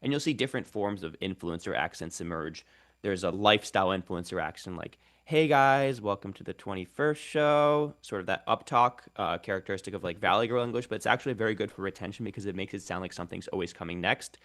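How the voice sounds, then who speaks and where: A man's voice: deep voice, fast talker, fairly bright tone. A young man, a linguist and content creator, explaining thoughtfully and fluently as a guest in a radio interview.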